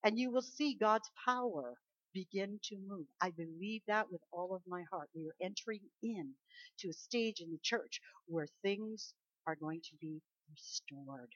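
A woman preacher delivering a sermon with emphatic conviction, rising to loud declarations and dropping to soft asides. Her voice sits at a middling pitch. The recording is muffled and lo-fi, with a dry, close sound. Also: measured pace, no echo.

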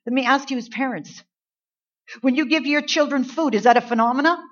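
A woman pastor delivering a sermon, building to emphatic peaks and dropping to soft, earnest tones. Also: high-pitched, brisk. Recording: dull lo-fi church recording.

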